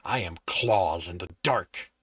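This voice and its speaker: Deep, hushed demon with claws, measured and curious, read by a man. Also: breathy edge, no echo, studio quality, full character voice. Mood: calm, probing. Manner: slow, formal, questioning. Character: calm curious demon, clawed, deep and quiet.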